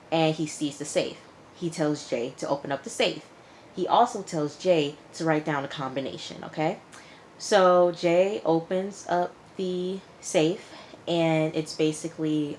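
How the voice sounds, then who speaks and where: Low-voiced woman recapping a TV episode. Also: a little hiss or hum. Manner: chatty retelling, quotes characters with "he was like"; frank asides to the viewer. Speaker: TV show reviewer.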